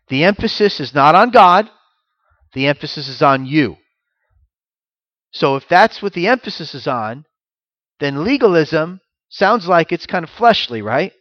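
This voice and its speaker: A man's voice: a little high, fairly bright tone, dry recording, muffled recording. A man giving a sermon as pastor, teaching through rhetorical questions and repeated phrases.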